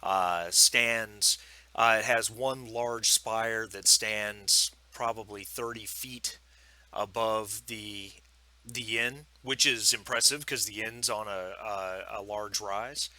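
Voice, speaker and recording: Bright-voiced man running a tabletop game. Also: lowish voice, steady tone, slow. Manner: rambling, many ums and restarts. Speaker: game master.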